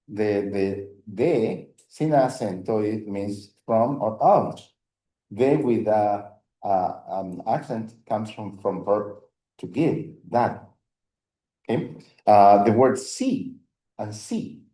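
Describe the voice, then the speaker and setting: Slow, lively-voiced male teacher, echoey room. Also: lowish voice. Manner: patient, stops to repeat and affirm. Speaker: Spanish teacher. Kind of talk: teaching an adult language class.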